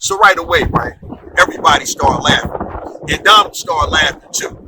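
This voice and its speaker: A man's voice: on the high side, moderate pace, very noisy. A man telling a comic story in a loose, conversational way, often checking in with "right?". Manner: animated, conversational, frequent "right?" asides. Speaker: comedian. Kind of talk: storytelling comedy monologue.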